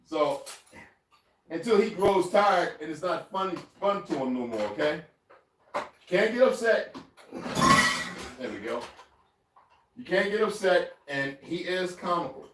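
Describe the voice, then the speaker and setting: Man, casual vlog, chatty, laughing, talking to his cat, slightly high voice, distant mic, echoey kitchen. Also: animated, a little slow, pauses often. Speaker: vlogger. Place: home kitchen. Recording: roomy, off-mic, faint noise.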